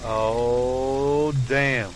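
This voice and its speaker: A man's voice: medium pitch, fairly even intonation, extremely slow, faint music behind, low-quality recording. A middle-aged man chatting casually over his gameplay, laughing often and talking to his chat and teammates. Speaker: gaming streamer.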